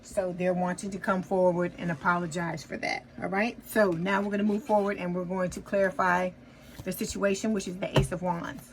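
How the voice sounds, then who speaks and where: A woman's voice: fairly low pitch, level tone, brisk, slight background noise, poor audio. A woman giving a casual tarot reading to her viewers, chatty and reassuring, often checking in with "okay?". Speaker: tarot reader.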